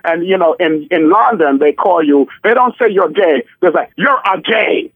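A man's voice: on the high side, animated, moderate pace, no echo. A man in his forties, a drag queen guest, talking in a sassy, theatrical way and calling people honey and darling. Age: 40s. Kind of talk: casual phone interview. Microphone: telephone. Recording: tinny dry phone line.

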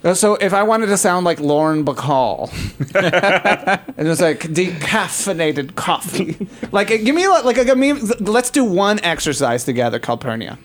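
Man host, playful and flamboyant, slightly high voice, casual chat. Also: sing-song, unhurried.

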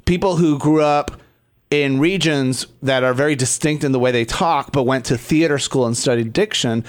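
A man's voice: mid-range voice, normal speed. A man in casual podcast chat, explaining his ideas at length in a thoughtful way.

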